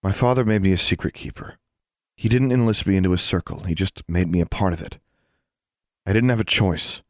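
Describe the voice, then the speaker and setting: A man's voice: low voice, brisk, darkish tone, no echo, clean studio sound, lightly acted. A man voicing a fierce, determined young girl who talks bluntly and defiantly. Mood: resolute.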